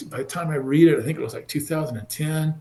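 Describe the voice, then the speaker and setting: A man in his sixties from California, a former football player telling his story in an animated way and acting out the people he quotes. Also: a little high, fast talker, a little hiss or hum. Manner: animated, acts out quoted voices. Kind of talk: casual storytelling interview. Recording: roomy echo.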